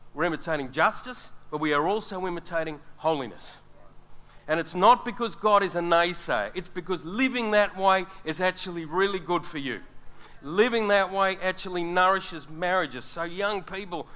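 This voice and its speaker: Bright-voiced earnest male preacher. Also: high voice. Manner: earnest, addresses the congregation directly. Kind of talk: sermon.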